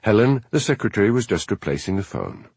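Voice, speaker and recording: A man reading a novel aloud as narrator, in measured storytelling. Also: lowish voice, sing-song, creaky, darkish tone, husky, no room sound. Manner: measured storytelling, voices each character. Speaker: audiobook narrator. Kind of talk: scripted narration.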